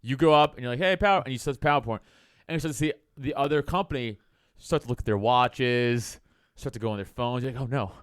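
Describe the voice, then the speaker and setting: A man's voice: medium pitch, fast talker, smooth, no room sound, studio quality. A man co-hosting a sports podcast, telling profane stories and acting out quotes in casual chat. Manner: profane storytelling, acts out quotes. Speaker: podcast co-host.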